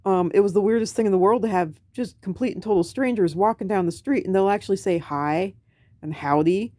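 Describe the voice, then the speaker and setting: A woman's voice: mid-range voice, a little fast, mellow, dry recording. An American woman vlogging in a casual late-night monologue to camera, rambling, self-mocking and profane. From United States. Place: home at night.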